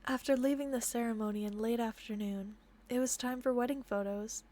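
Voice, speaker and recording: A young woman reading a romantic visual novel aloud, often giggling and apologizing between softly read passages. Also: on the high side, steady tone, a little fast. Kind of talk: reading game text aloud with chatty asides.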